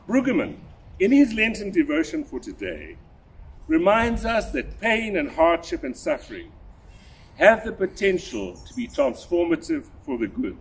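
Older man, priest, sermon, husky, lively pitch, measured delivery. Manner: measured, deliberate preaching with emphatic rises.

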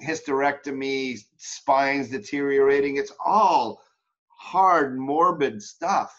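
A man coaching an acting student, talking in a relaxed, chatty way with frequent restarts. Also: mid-range voice, takes it slowly. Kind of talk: coaching session. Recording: dull lo-fi audio.

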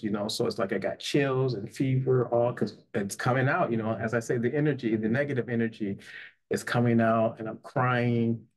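A man, a psychotherapist and life coach, telling his personal story in an earnest, conversational way, often asking "right?". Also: mid-range voice. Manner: earnest, with frequent "you know" and "right?".

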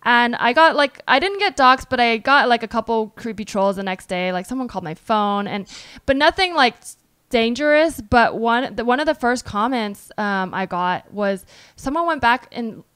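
A woman's voice: on the high side, animated, moderate pace, a bit bright, clear, resonant tone, dry recording. A young adult woman hosting a podcast, chatting casually and acting out quoted back-and-forths as she tells a story. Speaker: podcast host.

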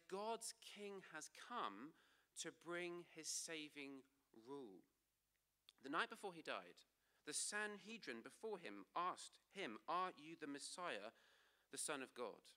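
Man, church sermon, fairly high voice, emphatic, trailing soft endings. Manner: emphatic, slowing for key phrases, dropping low and soft at ends. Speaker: preacher.

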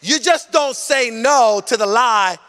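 A male senior pastor preaching a sermon in a church, emphatic and repetitive, often rising to a shout. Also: extremely high pitch, takes it slowly. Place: church sanctuary.

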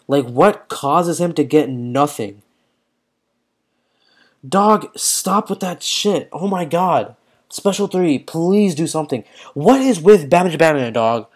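A man's voice: medium pitch, darkish tone. A young man giving live commentary while playing a mobile fighting game, talking in slang and often exclaiming in frustration.

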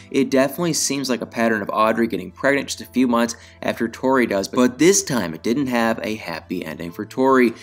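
A man hosting a celebrity gossip commentary, telling the story in a dramatic, chatty way with rhetorical questions. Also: mid-range voice. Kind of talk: scripted commentary.

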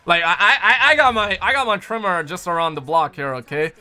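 A man's voice: sits high, fairly quick, bright, forceful tone. A young man hosting a gaming livestream, chatting casually and jokingly with viewers, reading their messages in loose slang. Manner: loose, jokey, slangy, lots of "man" and "dude". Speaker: livestream host. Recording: faint music behind.

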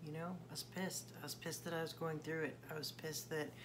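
A woman singer-songwriter talking in a personal video confession, hesitant and halting with many fillers. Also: low-pitched, little pitch movement, background noise.

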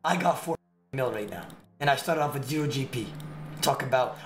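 A man streaming a game, giving excitable, slangy trash-talk commentary with sudden shouts. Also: mid-range voice, fairly quick. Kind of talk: live gameplay commentary. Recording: echoey room with clear background music. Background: background music.

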